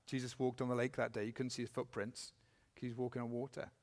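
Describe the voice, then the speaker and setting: A man preaching a sermon, earnestly asking the congregation questions and reading scripture slowly with emphasis. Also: mid-range voice, flat delivery, a little mellow. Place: church. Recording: long hall reverb.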